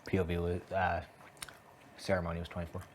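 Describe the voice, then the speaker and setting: A man speaking quietly in casual chat, correcting details of a list. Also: sits low, completely flat delivery, fast, a little hiss or hum.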